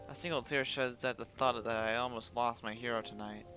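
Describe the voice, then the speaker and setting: A man reads a visual novel aloud in the first person, putting feeling into the narration. His voice is an ordinary mid pitch, and he often stumbles and restarts. He breaks off now and then with blunt sworn reactions, while faint music plays behind him. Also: fairly even intonation, a little fast, few pauses. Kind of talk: dramatic first-person story reading with asides.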